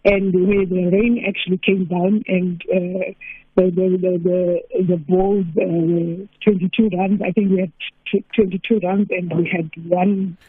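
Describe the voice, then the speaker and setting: A man's voice: high voice, level tone, a little slow, husky, dry recording. A man from South Africa calling into a radio sports show, hesitant and repeating words. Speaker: caller. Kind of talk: phone-in chat. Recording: tinny phone line.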